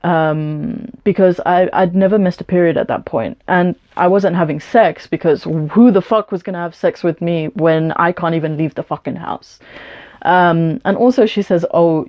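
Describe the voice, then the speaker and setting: A young woman rants through a storytime vlog, blunt and profane and heavy on "like" and "um". Her voice sits a touch low and sounds mellow rather than bright. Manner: blunt, profane, indignant, with lots of "like" and "um". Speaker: vlogger. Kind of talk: storytime rant to camera.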